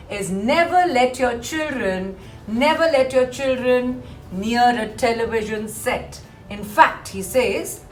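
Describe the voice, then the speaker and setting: A woman teaching a poem in an online class, animated and repeating words for emphasis. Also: sits high, reverberant. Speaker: English teacher.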